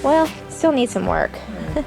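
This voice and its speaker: A woman's voice: a little high, big pitch swings, measured pace, vocal fry. A woman vlogging outdoors by a boat, chatting and cooing baby talk to her pet. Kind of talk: casual vlog chat. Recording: vlog with background music.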